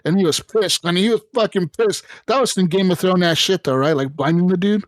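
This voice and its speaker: A man co-hosting a casual gaming podcast, telling stories in an animated, profane way with sudden jumps up in pitch. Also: brisk, hardly any pauses, no echo. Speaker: podcast co-host.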